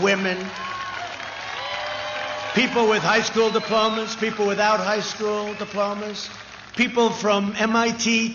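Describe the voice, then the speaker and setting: A man giving a campaign rally speech outdoors before a large crowd, talking in rambling, repetitive, boastful riffs. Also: high voice. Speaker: political speaker at a rally. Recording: echoey, dull PA sound with crowd noise. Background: cheering crowd.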